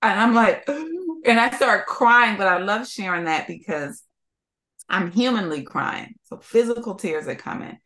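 A woman from Philadelphia, a podcast guest, telling her story in an interview in an animated, expressive way and laughing often. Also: mid-range voice, normal speed. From Philadelphia, USA.

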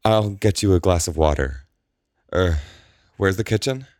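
A man's voice: low-pitched, lively intonation, measured pace, darkish tone, no echo, studio quality, pitched above the performer's own voice. A man voicing a frail, washed-out man who talks weakly and dully. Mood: soothing. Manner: weak, dull, soothing.

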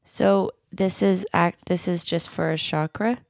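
A woman's voice: on the low side, steady tone, unhurried, dry recording, clean studio sound. A woman co-hosting a podcast in casual chat, playful and full of questions. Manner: playful, laughs often, asks lots of questions. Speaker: podcast co-host.

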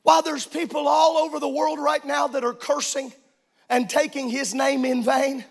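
High-voiced gravelly preacher man. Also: level tone, normal speed. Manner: shouted, sing-song preaching that swings loud and soft. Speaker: pastor. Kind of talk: sermon. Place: church.

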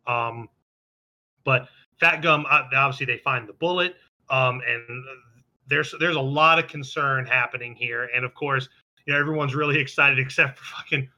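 A man's voice: medium pitch, moderate pace, bright, forceful tone. A man co-hosting a casual podcast, recapping episodes in a rambling, profane way with many restarts. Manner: rambling, profane, quotes characters in passing. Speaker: podcast co-host recapping an anime. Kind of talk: casual chat.

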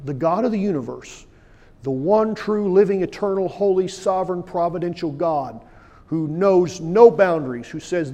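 A male pastor preaching a sermon, with emphatic delivery that swings from loud declarations to hushed asides. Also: sits high, moderate pace. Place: church sanctuary. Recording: long church hall reverb.

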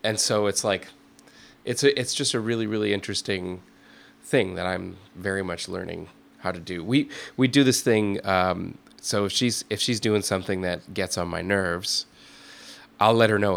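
A man's voice: on the low side, moderate pace, vocal fry, a bit bright. A man in his thirties, a musician guest, chatting reflectively in an interview, rambling with lots of fillers and restarts. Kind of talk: casual interview chat.

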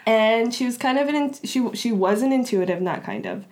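A woman's voice: on the high side, lively intonation, fairly quick, a little mellow. A woman guest in an interview, telling a personal story casually, with frequent filler words and restarts. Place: Los Angeles area.

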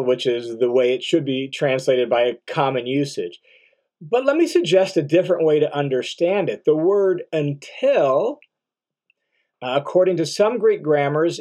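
A man's voice: a little high, darkish tone. A middle-aged man teaching through a Bible passage verse by verse, explaining word meanings and repeating key phrases, often checking in with "right?".

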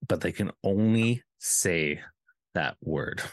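Low-voiced playful man hosting a podcast. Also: slow, no room sound. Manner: playful, bursts into loud laughter and rambling asides. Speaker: podcast co-host. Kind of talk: casual chat.

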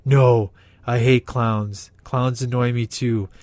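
A man voicing a brooding male caped vigilante in a comedy skit, growling and breathing heavily with awkward pauses. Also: mid-range voice, steady tone, no room sound, natural voice. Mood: grumpy stubborn. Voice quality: growling, heavy breathing, shouty. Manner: grumpy and stubborn with awkward pauses.

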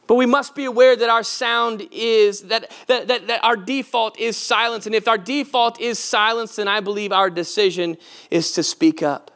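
High-voiced man preaching. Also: steady tone, moderate pace, fairly bright tone. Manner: earnest, conversational preaching with direct questions to the audience. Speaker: pastor. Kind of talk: sermon.

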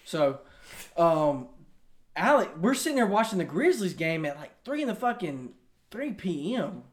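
A man telling profane stories about a roommate in casual chat, loud and laughing often. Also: high-pitched, very animated, unhurried. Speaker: guest roommate.

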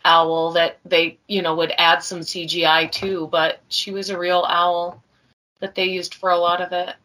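A woman's voice: lowish voice, level tone, unhurried, sharp tone, low-quality recording. A woman co-hosting a podcast, casually and amusedly recounting details from a book. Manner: amused, storytelling, laughs a lot. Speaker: podcast co-host. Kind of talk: casual film discussion.

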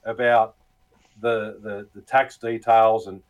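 Slow and low-voiced with little pitch movement, this Australian guest shares crude, funny stories in a casual chat, laughing, swearing, and frequently mimicking the people in them. The recording is rough.

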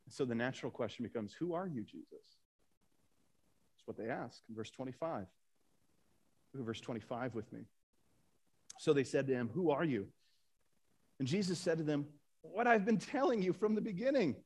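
A man's voice: medium pitch, lively intonation, normal speed, long pauses, darkish tone, husky. A man preaching a Sunday sermon, reading scripture aloud and asking the congregation rhetorical questions. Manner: reads scripture aloud, rising for emphasis. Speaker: pastor.

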